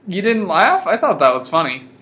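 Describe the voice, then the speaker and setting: A man's voice: sits high, very animated, normal speed, pushed and bright. A young man co-hosting a podcast, teasing and swearing freely in casual comedic chat. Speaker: podcast co-host.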